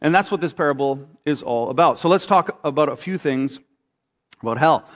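Animated pastor in a reverberant hall. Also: male voice, moderate pace. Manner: animated storytelling, acts out quotes with big pitch jumps. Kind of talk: sermon. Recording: dull sound with long hall reverb.

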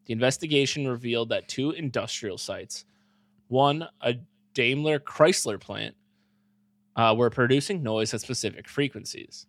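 A man's voice: medium pitch, normal speed, no echo. A young man co-hosting a casual comedy podcast, reading facts aloud and then joking around with swearing. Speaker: podcast co-host reading about the topic.

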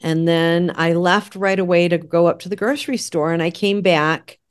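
A woman in casual conversation, telling a personal story in an animated way and acting out the dialogue. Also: on the low side, moderate pace, clean tone. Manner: animated, acts out quoted dialogue. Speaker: guest sharing a story.

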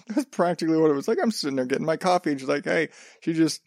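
Male podcast host, slightly high voice, rambling and cursing, dry close-miked sound. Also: a little fast, long pauses, darkish tone, dry recording. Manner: rambling, profane, self-interrupting. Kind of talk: casual solo podcast chat.

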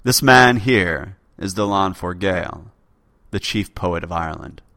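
A man voicing a tall, mysterious male warrior who speaks calmly and quietly with quiet command, in a storybook tale. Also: low-pitched, a little slow, dry recording, studio quality, heavily acted.

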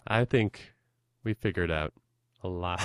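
A young man hosting a podcast chat, rambling and self-deprecating with easy laughs. His voice is on the low side and sounds dry and close to the mic. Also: slow pace, no echo. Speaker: podcast host. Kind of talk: casual chat.

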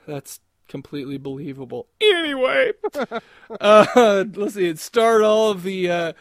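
A man's voice: sits high, unhurried, dry recording, studio quality. A man co-hosting a podcast in casual chat, rambling with crude jokes and frequent laughter. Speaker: podcast co-host.

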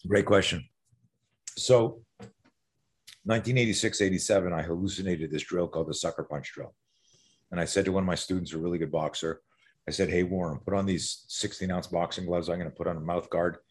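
A middle-aged man, a self-defense instructor, talking as a podcast guest in an animated, profane way, acting out fight scenarios. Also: deep voice, brisk.

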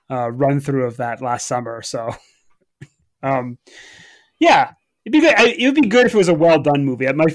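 A man's voice: medium pitch, no echo, clean studio sound. A man co-hosting a sports podcast in casual chat, opinionated but hedging, with frequent restarts. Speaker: podcast co-host.

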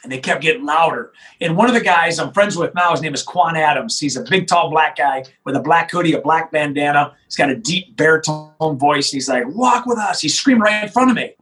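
A middle-aged man, a sheriff telling his story in an interview with emphatic, animated delivery and frequent restarts. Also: on the high side, fairly quick, few pauses, soft background music, low-quality recording.

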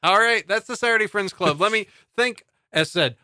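Man, podcast host, bright clear voice, somewhat high, casual rambling chat, dry close sound. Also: moderate pace, dry recording. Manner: playful, rambling, with frequent fillers.

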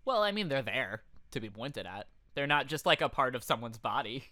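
Male podcast co-host, lively pitch, cracks quick jokes between laughs. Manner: joking, quick asides, frequent laughter. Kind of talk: casual comedy chat.

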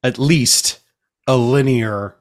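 Relaxed male co-host, laughs often, loose filler-heavy chat. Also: medium pitch, slow pace. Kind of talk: casual chat about a film.

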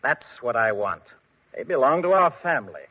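A pompous king, husky and swooping, old radio sound. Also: medium pitch, sing-song, normal speed, bright, forceful tone, full character voice. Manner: haughty, pompous. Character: pompous proud king, father of the princess. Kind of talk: 1940s radio acting. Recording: dull old radio broadcast.

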